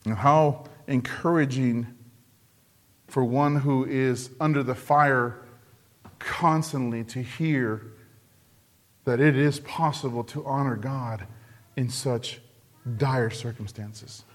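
A man preaching a sermon earnestly, repeating phrases for emphasis and dropping low and soft on key words. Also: fairly even intonation, slow pace, long pauses.

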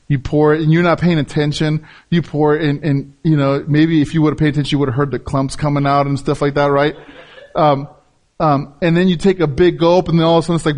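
High-pitched guy preaching, leans hard on repeats and asks the crowd stuff. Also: darkish tone. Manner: emphatic preaching with rhetorical questions and repetition. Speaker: pastor. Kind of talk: sermon.

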